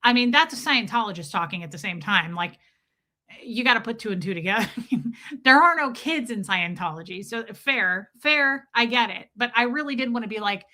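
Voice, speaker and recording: A woman's voice: on the high side, lively intonation, normal speed, pushed and bright. A woman streamer telling a story as a comedic, profane rant. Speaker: live streamer.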